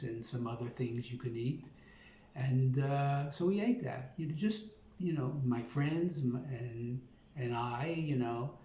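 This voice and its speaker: A man's voice: mid-range voice, mellow. A man in his seventies with a Brooklyn accent, telling his life story in a rambling, folksy way, full of fillers. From Brooklyn, New York. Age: 70s. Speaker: YouTube host. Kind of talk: personal storytelling. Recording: roomy echo.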